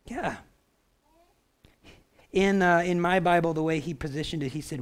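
Guy preaching, kinda higher voice, talks casual and keeps asking the room if they're with him. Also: moderate pace, pauses often. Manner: animated, conversational, asks the crowd for response. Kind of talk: sermon. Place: church.

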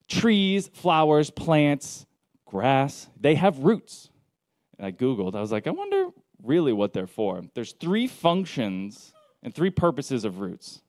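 Man, pastor, casual joking sermon, mid-pitched voice, dry close sound. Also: no room sound. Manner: casual, joking, storytelling delivery with lively quoted asides.

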